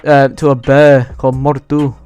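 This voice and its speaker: Excitable guy, smooth voice. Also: mid-range voice, moderate pace. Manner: excitable, swears freely. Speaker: YouTuber. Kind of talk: casual movie ranking vlog.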